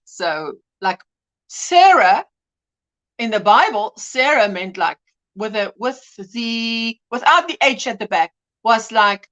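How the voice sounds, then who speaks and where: A woman hosts a relaxed livestream, chatting freely and reading out viewer comments. Her voice sits high and swoops animatedly up and down. She laughs easily between thoughts. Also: rough recording. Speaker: livestream host. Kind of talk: casual livestream chat.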